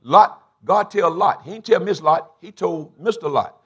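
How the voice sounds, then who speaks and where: A middle-aged man, preaching a sermon as bishop in a church, swinging from low confiding talk to shouted bursts. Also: a little slow, breathy edge. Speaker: bishop and pastor. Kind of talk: call-and-response sermon. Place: church sanctuary.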